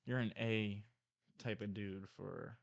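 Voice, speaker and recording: A man's voice: on the low side, fairly even intonation, takes it slowly, creaky, no room sound, highs cut off. A young man appearing as a guest on a casual podcast, talking in a laid-back way and dropping in jokes.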